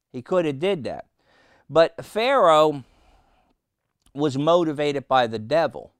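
Male preacher with a crisp, slightly high voice, spinning sermon anecdotes. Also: very animated, slow, dry recording, clean studio sound. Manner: storytelling with rhetorical questions and acted quotes.

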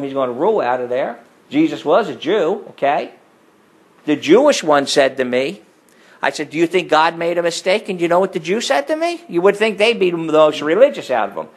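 A middle-aged man preaching a sermon full of personal stories. He talks emphatically, rising to forceful peaks and dropping into low asides. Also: breathy edge, rough recording. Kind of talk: sermon with storytelling.

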